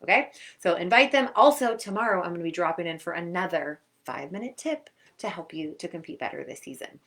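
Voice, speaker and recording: A young adult woman, a sports performance coach, giving upbeat, chatty advice to young athletes and acting out quick quotes. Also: lowish voice. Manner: energetic, chatty, acts out quotes. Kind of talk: upbeat coaching talk to camera.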